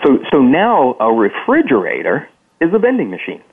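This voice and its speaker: Man, panel guest, husky voice, phone-line sound. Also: mid-range voice, moderate pace. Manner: animated, stumbles over words. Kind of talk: panel discussion.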